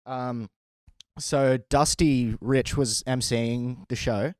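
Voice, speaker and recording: A man and stand-up comedian telling a story in a casual, animated way, often laughing as he goes. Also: medium pitch, slow pace, no echo.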